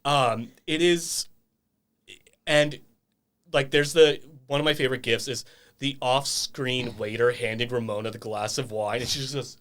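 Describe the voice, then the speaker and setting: A young man chatting on a casual podcast, acting out the people he describes as he retells their stories. His pitch sits in an ordinary middle range. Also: unhurried. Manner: animated storytelling with quoted voices. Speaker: podcast guest.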